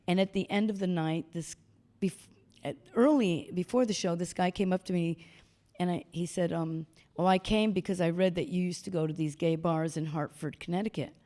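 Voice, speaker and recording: Older lady on stage spinning stories, lowish voice, bounces into other people's voices. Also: moderate pace. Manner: animated storyteller acting out quoted voices. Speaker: guest speaker. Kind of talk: storytelling talk. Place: stage talk before an audience.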